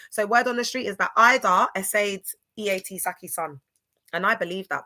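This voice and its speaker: A woman runs a casual livestream. She rambles and gossips, sometimes spelling words out letter by letter. Her voice is bright and forceful. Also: mid-range voice, fairly quick. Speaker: livestream host.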